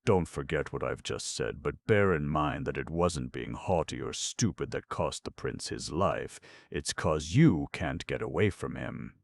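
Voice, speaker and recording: A man voicing a bitter, blunt female crow who speaks plainly and gravely in a storybook reading. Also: rumbling low, lively intonation, unhurried, hardly any pauses, no room sound, full character voice. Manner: blunt, bitter, working-class.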